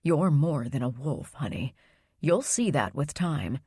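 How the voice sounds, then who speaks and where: A woman voicing a calm, secretive grandmother who speaks in a soft, low, soothing way. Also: unhurried, breathy edge, no echo, clean studio sound, full character voice.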